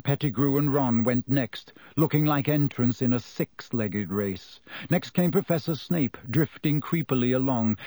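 A man narrates an audiobook in a measured, steady way. His voice sits at a middle pitch. The recording is close and dry. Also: dry recording. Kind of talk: scripted narration.

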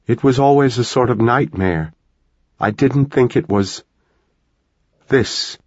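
Audiobook: male reader doing a raised, fierce, tearful mother, husky, dull recording. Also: medium pitch, takes it slowly, darkish tone, dry recording, voice pushed up. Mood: frightened. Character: frightened middle-aged mother, fierce and tearful.

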